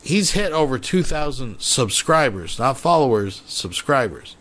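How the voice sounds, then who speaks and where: A man's voice: mid-range voice, big pitch swings, measured pace, fairly bright tone. A man hosting a commentary channel, explaining bluntly and swearing freely.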